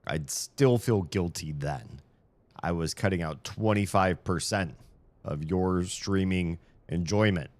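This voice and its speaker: A deep-voiced man, worn out after a long day, hosts his live stream in loose, jokey chat. He rambles and trips over his words, restarting phrases as he goes. The sound is close and dry, with no room echo. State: tired. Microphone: studio microphone.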